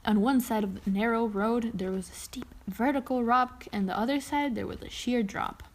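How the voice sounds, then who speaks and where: A woman's voice: fairly high pitch, normal speed. A young woman co-hosting a casual podcast, reading a ghost story aloud and rambling, swearing and laughing along the way. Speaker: podcast co-host.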